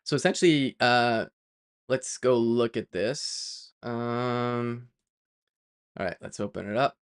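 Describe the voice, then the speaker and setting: Speaking slowly in a clean, medium-pitched voice, a man talks his way through coding on a live stream. His casual chatter is full of fillers and self-corrections, and he often wanders off on playful tangents.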